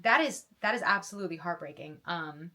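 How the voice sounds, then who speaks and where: A young woman in a casual reading-reaction vlog talks a little fast, her low-leaning voice pushed and bright with lively intonation. She gushes emotionally about her book, stumbling and restarting again and again.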